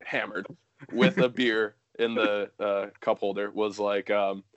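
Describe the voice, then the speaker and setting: A man's voice: on the low side, level tone, unhurried, no echo, lo-fi sound. A young man telling a story casually, rambling with lots of fillers and swearing.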